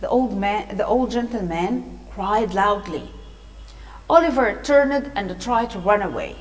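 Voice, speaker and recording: A woman's voice: medium pitch, lively intonation, unhurried. A woman English teacher reading a story aloud, explaining words and asking her listeners questions. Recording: echoey room.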